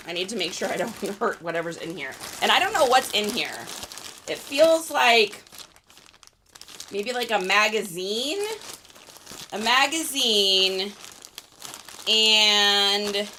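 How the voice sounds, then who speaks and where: A young adult woman hosting a casual livestream, chatty and excitable, laughing often. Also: on the high side, slight background noise. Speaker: reseller livestream host.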